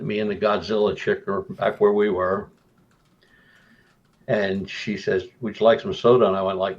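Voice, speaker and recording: A middle-aged man telling a haunted-house story casually on a radio talk show, voice jumping up when excited. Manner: animated, rising high when excited. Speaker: guest storyteller. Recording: dull lo-fi radio call audio.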